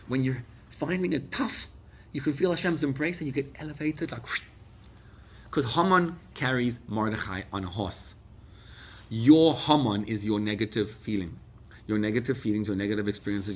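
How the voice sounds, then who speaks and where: A man, a rabbi, preaching a sermon with animated swings from loud urgent exhortation to hushed intimacy, mixing in Hebrew and Yiddish phrases. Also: medium pitch, slight background noise.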